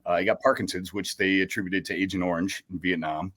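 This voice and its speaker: A middle-aged man, a radio host, telling stories in a casual podcast chat, animated and laughing often as he acts out other people's lines. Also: deep voice, fast talker. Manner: animated storyteller, bursts of laughter, acts out quoted voices.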